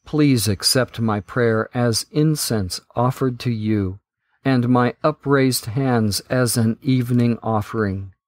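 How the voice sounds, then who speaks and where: A man hosting a Bible podcast, reading scripture in a measured, deliberate way. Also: mid-range voice, dry recording.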